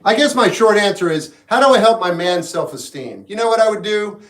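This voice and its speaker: High-voiced man musing on a livestream. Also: brisk. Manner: relaxed, musing, gives frank advice. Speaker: livestream host answering chat. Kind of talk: casual live chat. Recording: echoey room, mic at a distance. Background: guitar music in the background.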